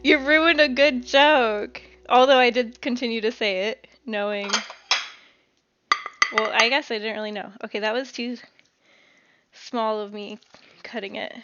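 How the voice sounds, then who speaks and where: A woman's voice: fairly high pitch, fairly even intonation, normal speed, long pauses, a bit bright, dull audio, a little hiss or hum. A young woman chatting casually on a live stream while cooking at home, giggling, swearing lightly and a little out of breath.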